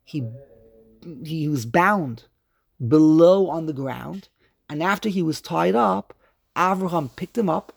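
Gravelly emphatic male rabbi. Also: fairly high pitch. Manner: emphatic, chants quoted scripture slowly; animated questioning delivery. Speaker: rabbi teaching a class. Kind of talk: religious study lecture.

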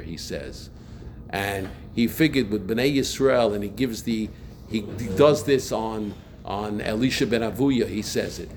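A man's voice: lowish voice, a little mellow, slight background noise. A man teaching a Torah lesson, explaining earnestly and acting out inner thoughts as he goes. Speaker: rabbi teaching a class.

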